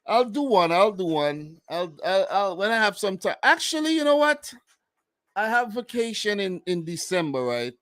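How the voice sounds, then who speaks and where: A man's voice: high voice, sing-song, moderate pace, fairly bright tone, no room sound. Laid-back New York man chatting football. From United States. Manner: laid-back, slangy, repeats himself. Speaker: football podcast host. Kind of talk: casual chat.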